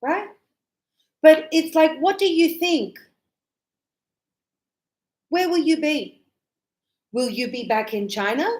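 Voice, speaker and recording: Slow-paced high-voiced woman teacher. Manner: animated, acts out student replies in a higher voice. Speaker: English teacher. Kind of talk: grammar lesson.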